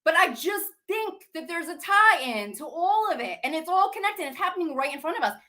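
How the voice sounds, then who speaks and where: A woman's voice: extremely high pitch, animated, normal speed, bright, forceful tone. A young adult woman talking to her viewers in an agitated, repetitive rant full of swearing and rhetorical questions. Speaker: channel host. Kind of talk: emotional monologue to camera.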